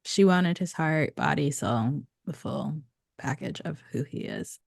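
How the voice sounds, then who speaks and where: Woman, very low gravelly voice, dry close sound, casual podcast recap. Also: unhurried, dry recording. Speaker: podcast co-host. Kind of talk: casual book recap chat.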